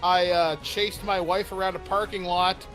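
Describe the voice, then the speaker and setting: Bright-voiced joking Canadian man. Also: high-pitched, normal speed, faint music behind. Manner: joking, irreverent, deadpan. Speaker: podcast co-host. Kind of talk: casual chat.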